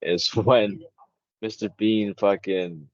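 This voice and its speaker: Male podcast co-host, very low voice, blunt and sweary, dry close sound. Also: steady tone, slow, no echo, lo-fi sound. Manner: blunt, swears freely, trails off. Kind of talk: casual chat.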